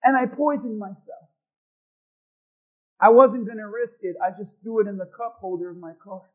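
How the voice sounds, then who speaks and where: Male pastor, sermon, personal storytelling, asks the congregation for a witness, very high voice. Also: moderate pace, phone-quality sound. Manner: storytelling, calls for a response from the congregation.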